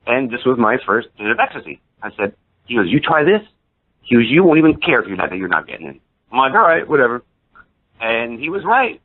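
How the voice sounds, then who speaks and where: A middle-pitched man in his fifties tells a story as a podcast guest. He talks casually, jumping up and down in pitch as he acts out the people in the tale. The sound is narrow and tinny, like a phone call. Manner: animated, acts out quoted people with voice shifts.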